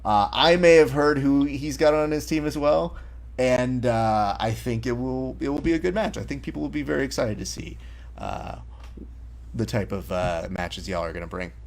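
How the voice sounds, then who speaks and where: A man's voice: medium pitch, normal speed, vocal fry. A man hosting a casual interview, telling stories with energy and acting out the lines he quotes. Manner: animated storyteller who acts out quoted lines. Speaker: podcast host.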